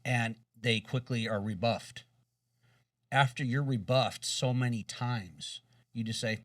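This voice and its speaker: A man co-hosting a casual chat, measured and emphatic, stuttering a little as he starts. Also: medium pitch, dry recording. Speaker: co-host. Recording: dry room, distant mic.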